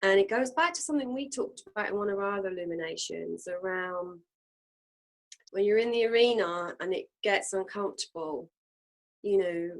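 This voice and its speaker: Earnest woman musing aloud, lowish voice. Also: low-quality recording. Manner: earnest, musing, many fillers. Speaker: co-host. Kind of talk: casual reflective chat.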